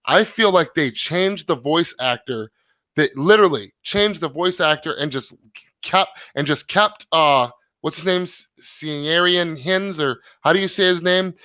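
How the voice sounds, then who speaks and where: Male host on a live stream: a bright, dry, lo-fi voice, rambling with lots of fillers. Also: fairly high pitch, a little slow, no echo. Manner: rambling, many fillers and restarts. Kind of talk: casual chat reading comments.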